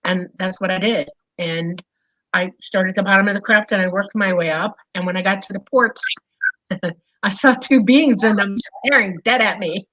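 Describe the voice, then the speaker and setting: A woman telling a personal story in casual speech, animated and full of fillers. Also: mid-range voice, moderate pace, lo-fi sound. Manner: animated, lots of fillers and "okay?". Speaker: guest recounting an experience.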